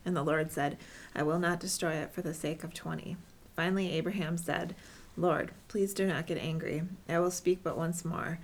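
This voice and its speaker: A woman reading a scripture passage aloud at a steady, measured pace. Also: low voice, slight background noise. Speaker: scripture reader.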